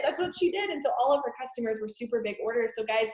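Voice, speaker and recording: An effusive woman with a fairly high voice leads a motivational team call. She cheers her team on with emphatic energy, in a room with a noticeable echo. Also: racing, few pauses, a little mellow. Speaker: team leader hosting the call.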